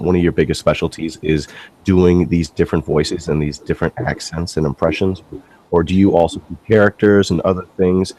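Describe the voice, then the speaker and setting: A male podcast host with a very low voice, putting questions to his guest. He fumbles and repeats words as he asks. The tone is casual interview talk. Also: darkish tone, a little hiss or hum.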